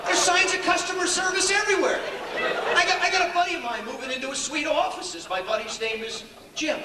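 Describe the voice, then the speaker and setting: A man's voice: very high-pitched, fairly even intonation, quick pace, over a noisy crowd, very noisy. An older man giving a humorous motivational speech to an audience, telling stories animatedly, acting out dialogue and chuckling often, recorded in a large echoey hall. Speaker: keynote speaker. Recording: echoey hall, distant mic, faint ambience.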